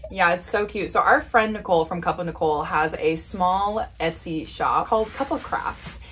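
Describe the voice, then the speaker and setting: A woman's voice: lowish voice, moderate pace, a bit bright, slight background noise. A young woman co-hosting a book vlog, chatting casually and rambling with lots of fillers. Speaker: book vlogger co-host. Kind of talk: casual chat.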